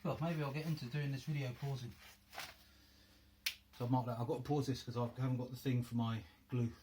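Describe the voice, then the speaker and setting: A man with a North London accent walks through a crafting job at home in a casual, chatty way, thinking aloud as he goes. His voice sits in a middle pitch. A clear steady noise runs under the recording. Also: brisk. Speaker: crafting video host. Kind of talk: casual hands-on tutorial. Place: home workroom.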